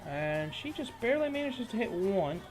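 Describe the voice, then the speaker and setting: A man's voice: high voice, big pitch swings, normal speed, faint music behind. Man running a tabletop game. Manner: casual, descriptive narration with rules talk. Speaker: game master.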